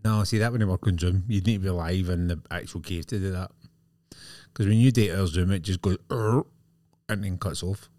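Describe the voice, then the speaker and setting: A man's voice: deep voice, fairly even intonation, a little fast, warm tone, no room sound, clean studio sound. A man with a Scottish accent, co-hosting a casual podcast chat, blunt and forever checking that he is understood. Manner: blunt, keeps asking "do you know what I mean". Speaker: podcast co-host.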